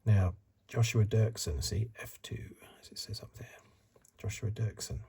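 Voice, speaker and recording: Middle-aged male ASMR host, soft-spoken, low-pitched, very husky and breathy, close mic. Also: unhurried. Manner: soft-spoken, drifts into whispers, rambling asides.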